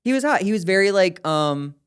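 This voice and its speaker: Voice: medium pitch, animated, brisk, clear, resonant tone. A podcast guest in casual comedic chat, dropping wry, dry quips.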